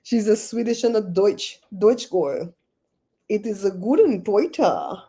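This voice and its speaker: A woman's voice: mid-range voice, expressive, unhurried, mellow. A woman hosting a casual livestream, chatting with viewers by name and laughing often. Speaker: livestream host.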